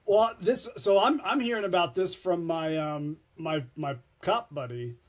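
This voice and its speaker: A former TV news anchor, a man, telling stories as a podcast guest in an animated way, often restarting his words. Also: high voice, unhurried. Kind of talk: casual storytelling chat.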